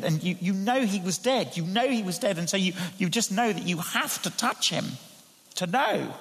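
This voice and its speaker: A man preaching a sermon, his voice rising to emphatic peaks and dropping to hushed tones. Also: high voice. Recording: long hall reverb.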